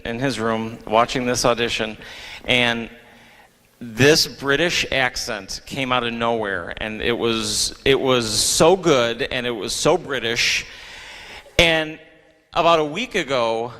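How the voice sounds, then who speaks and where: A man's voice: medium pitch, bright, forceful tone. Joking man speaking in a reverberant hall. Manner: joking, hesitant with many ums. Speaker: theater director presenting awards. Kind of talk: casual award speech. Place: school auditorium. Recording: long reverb of a large hall.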